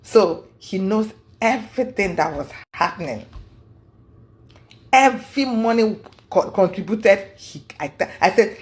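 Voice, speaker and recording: A woman's voice: mid-range voice, expressive, a little slow. A woman telling a long personal story in a casual monologue. She is earnest and aggrieved, and often repeats and restarts words as she goes. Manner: rambling, repeats and restarts words while recounting events. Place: lives in the United States.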